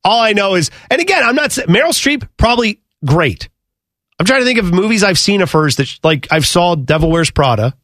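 A man co-hosting a casual chat show, rambling and animated, often jumping higher when flustered. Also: brisk, dry recording, clean studio sound. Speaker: podcast co-host.

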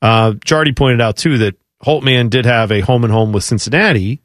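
A man hosting a casual sports talk radio show, chatty and bantering quickly with his co-host. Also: medium pitch, fairly bright tone, dry recording, clean studio sound. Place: radio studio. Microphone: studio microphone.

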